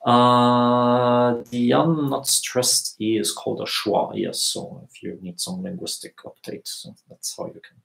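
Creaky-voiced man teaching from home. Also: lowish voice. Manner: explains patiently, many fillers and restarts. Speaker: language teacher. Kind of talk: live Q&A lesson. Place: home room at dusk. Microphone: earphones with mic. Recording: echoey room.

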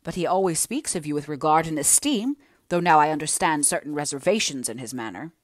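A woman with a low, expressive voice reads a little fast, voicing a kindly elderly male family friend in an audiobook. Her tone is soothing and earnestly reassuring, and the recording is clean studio sound with no room echo.

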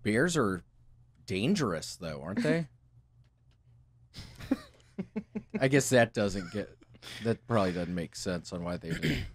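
A man's voice: fairly low pitch, big pitch swings, takes it slowly, long pauses. A man hosting a podcast, asking joking, quizzical questions in casual chat.

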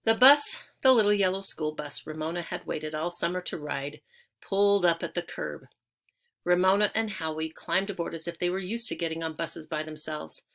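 A woman's voice: lowish voice, moderate pace, creaky, a bit bright. A woman reading a children's chapter book aloud, telling it expressively and lingering on key words. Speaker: audiobook reader.

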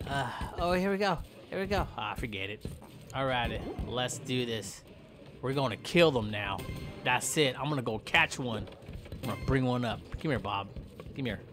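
A man giving loud, goofy commentary while he plays a video game, taunting and yelling at in-game animals. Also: medium pitch, lively intonation, normal speed, over music. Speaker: gameplay commentator.

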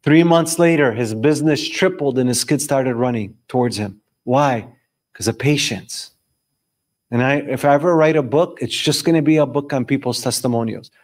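A man leading a lively sermon for a live audience, asking questions and answering them himself, swinging between loud bursts and quiet, slowed emphasis. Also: mid-range voice. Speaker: religious discussion leader.

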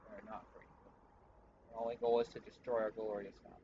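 A man reading the lines of a cold, menacing king who is a tyrant father, in a slow, commanding and haughty way, with game music behind. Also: lowish voice, little pitch movement, dull audio, noisy background, pitched below the performer's own voice, lightly acted.

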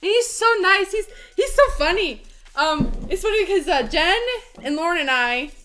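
A young woman hosting a live stream while baking, giggly and chatty, her voice hoarse and nearly gone. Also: very high-pitched, expressive, moderate pace, a bit bright, a little hiss or hum. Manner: giggly, bubbly, sings snippets to herself.

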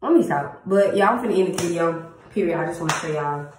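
Young woman vlogger, low voice, numb jaw, blunt slangy chat, echoey room with faint hiss. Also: fast. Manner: slangy, blunt and chatty, swears freely. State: numb jaw after a tooth pulled. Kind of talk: casual vlog chat. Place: at home, indoors.

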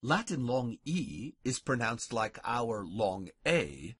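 A man narrating a scripted lesson as a language teacher, carefully and deliberately sounding out each example word. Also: medium pitch, very animated, fairly bright tone, slightly rough, dry recording, clean studio sound.

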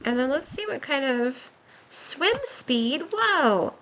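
A young woman giving excited, giggly commentary while playing a game, her voice worn from a long stream. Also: high-pitched, slow, a little hiss or hum. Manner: gushing, giggly, exclaims often. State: voice nearly gone, worn.

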